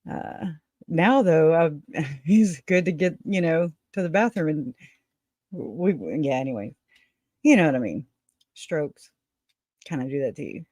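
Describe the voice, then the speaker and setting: A woman's voice: deep voice, animated, a little slow, pauses often, mellow, dry recording, studio quality. A woman hosting a casual livestream, rambling, chatting with viewers and laughing often. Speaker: livestream host.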